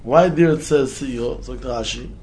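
A man teaching a Torah lesson as a rabbi, chanting quoted verses in a singsong and climbing high when he stresses a point. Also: moderate pace, a little mellow, slight background noise.

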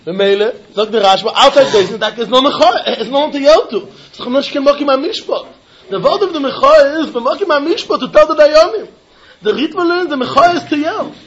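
High, lively man giving an animated Talmud lecture. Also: brisk. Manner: sing-song, mixing English, Yiddish and Hebrew; laughs often, rhetorical questions. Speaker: Talmud teacher. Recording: dull lo-fi recording.

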